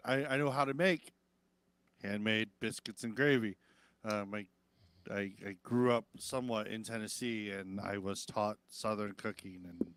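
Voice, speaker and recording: A man's voice: medium pitch, a bit bright, no echo. A man hosting a live-stream talk show, rambling casually and swearing, lifting his voice to mimic others. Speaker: podcast host.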